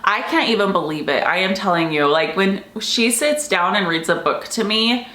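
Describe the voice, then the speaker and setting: A young woman who homeschools her kids vlogs in a casual chat, gushing and emotional and saying "like" constantly. Her mid-range voice is pushed and bright at a moderate pace, and the sound is roomy.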